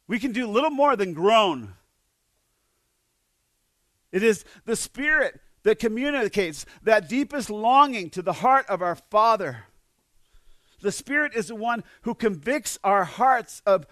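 High-voiced man preaching a dry sermon. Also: fairly bright tone, no echo. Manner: earnest preaching with repeated words and dramatic swings in volume. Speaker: pastor.

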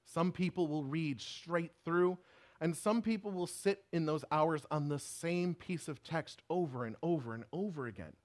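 A man's voice: a little high, normal speed. A man giving a sermon in an earnest, emphatic preaching manner.

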